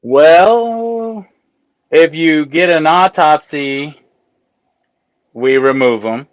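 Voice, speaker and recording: A fairly high-voiced man tells stories as a guest in a casual interview. He is animated and chuckles often, and his voice sounds a little dull and lo-fi. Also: drawn-out words, no room sound. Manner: animated, laughs while telling stories. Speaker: guest, autopsy technician.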